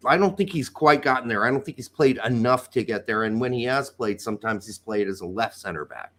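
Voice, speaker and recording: A man's voice: medium pitch, lively intonation, a little fast, fairly bright tone. A man co-hosting a soccer podcast, rambling and joking, reading listener comments aloud. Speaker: podcast co-host. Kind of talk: casual soccer chat.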